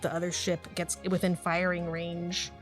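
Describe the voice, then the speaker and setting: A woman's voice: fairly low pitch, monotone, normal speed, soft background music. A woman narrating as game master of a tabletop game, chatty and laughing often.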